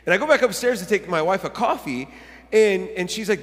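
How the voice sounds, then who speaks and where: A man preaches with a bright, high-pitched voice, telling family stories and laughing through them. His words trail into a long, ringing hall reverb. He keeps stumbling and starting over in an easy, chatty way. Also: moderate pace. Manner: animated storytelling with laughs and self-corrections. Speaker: pastor. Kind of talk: sermon. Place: church sanctuary.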